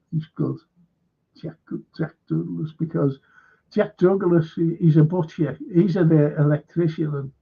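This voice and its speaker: A man's voice: a little high, creaky, slightly rough, phone-quality sound. A man hosting a casual film chat, retelling scenes and laughing as he goes. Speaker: host.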